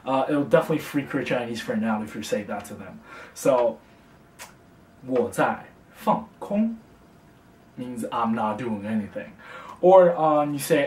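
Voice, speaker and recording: A young man teaching a casual beginner language lesson, speaking slowly and patiently and repeating phrases for the learner. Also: medium pitch, animated, darkish tone, recorded from a distance, a little hiss or hum. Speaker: language tutor. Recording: echoey room, voice from off the mic.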